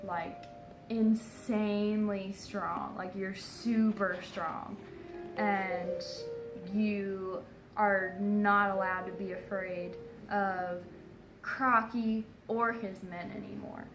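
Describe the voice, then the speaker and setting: A woman's voice: mid-range voice, fairly even intonation, drawn-out words, a bit bright, reverberant, faint music behind, low-quality recording. A woman doing a pushy slangy hero. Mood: commanding. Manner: casual slang, says "like". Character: bold, pushy hero man.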